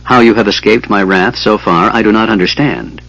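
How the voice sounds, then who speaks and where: A man voicing a menacing female dragon who speaks in a smooth, sneering and threatening way, reading a fantasy audiobook. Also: on the low side, normal speed, fairly bright tone, no room sound, lo-fi sound.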